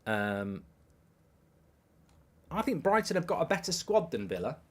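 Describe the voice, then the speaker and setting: A middle-aged man hosting a live football watchalong, commenting on the match and reading out viewer messages with bursts of excitement. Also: fairly high pitch, unhurried. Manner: excitable, reads viewer messages aloud, repeats himself.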